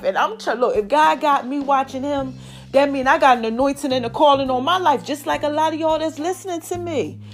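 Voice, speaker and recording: Woman, high voice, animated casual podcast talk, soft music behind. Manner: chatty, animated, calls listeners "y'all" and "child". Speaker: podcast host. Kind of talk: casual solo podcast chat.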